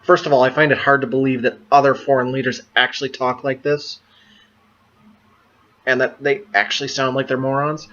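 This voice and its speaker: A man's voice: mid-range voice, little pitch movement, moderate pace, a bit bright, highs cut off. A man giving casual political commentary in a vlog, amused and exasperated, stumbling over his words. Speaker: vlogger.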